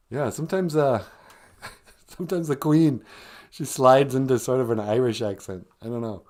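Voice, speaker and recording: A man's voice: medium pitch, measured pace, long pauses, darkish tone. Rambling male live-stream host. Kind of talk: comedic live-stream chat.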